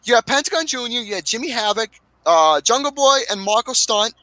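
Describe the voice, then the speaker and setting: A man hosting a casual podcast, recapping wrestling matches with lots of swearing and excitement. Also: very high-pitched, fairly quick, no room sound, poor audio. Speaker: podcast host.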